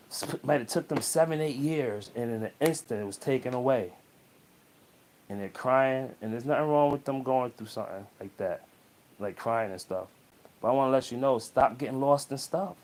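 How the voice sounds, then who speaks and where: Male vlogger, mid-pitched, loose preachy motivational monologue to camera, repeats his points. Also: darkish tone. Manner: preachy, repeats phrases, checks in with "okay?".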